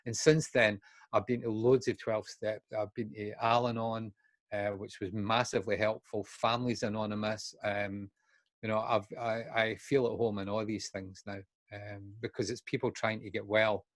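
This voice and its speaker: A man's voice: on the low side, no room sound. Candid Scottish man in his sixties. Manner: frank, acts out remembered dialogue. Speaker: guest speaker in recovery. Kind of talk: candid personal storytelling.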